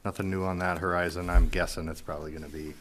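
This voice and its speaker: A breathless man reporting to a municipal board as a public works staff member, hesitant and halting with many fillers. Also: sits low, little pitch movement, a little hiss or hum.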